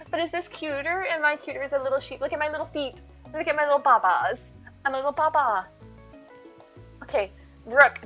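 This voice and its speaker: A woman's voice: high-pitched, pushed and bright, highs cut off. A woman streaming live and chatting with viewers, playful and silly, full of jokes and puns.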